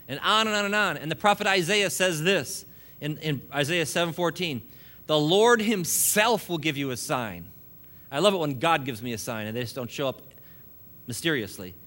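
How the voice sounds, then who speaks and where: A man's voice: on the high side, bright, forceful tone. A man preaching a sermon, joking and laughing between points and building emphasis as he goes.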